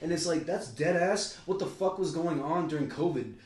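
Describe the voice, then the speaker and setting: A man's voice: fairly high pitch, normal speed, a little mellow. A man co-hosting a podcast, talking in a loose, rambling way with plenty of swearing and sudden jumps between ideas. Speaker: podcast co-host. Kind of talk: casual podcast chat. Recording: roomy echo.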